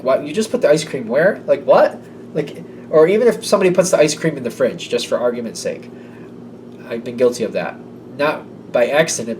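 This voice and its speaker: In a medium-pitched, darkish voice, a man gives a loose, meandering tarot reading, throwing in the odd acted-out voice. Faint room noise is audible, and the mic is a bit far off.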